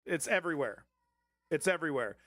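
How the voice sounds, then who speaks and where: An excitable man chiming in with profane reactions. His voice is a bit high and his words tumble out in repeats and restarts, recorded dry and close with no room sound. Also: fairly quick, no room sound. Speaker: news show co-host. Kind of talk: casual reactive commentary.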